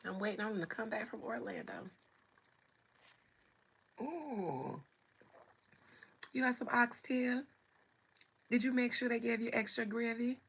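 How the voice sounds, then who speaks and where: A woman's voice: fairly high pitch, unhurried, gravelly, pauses often, breathy edge. A woman hosting a livestream, chatting playfully with viewers and greeting them by name. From United States. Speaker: livestream host. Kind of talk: casual chat with viewers.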